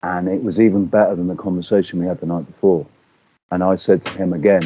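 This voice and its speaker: A man in casual chat, telling stories with animated swearing and acting out quotes. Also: deep voice, fast, slight background noise. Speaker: podcast guest. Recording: dull lo-fi audio.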